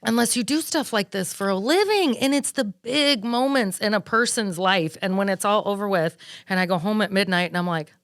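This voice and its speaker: A woman guest on a podcast interview, telling lively, animated stories about her work as a wedding planner. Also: mid-range voice, fairly quick, few pauses, dry recording, studio quality. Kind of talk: casual podcast interview storytelling.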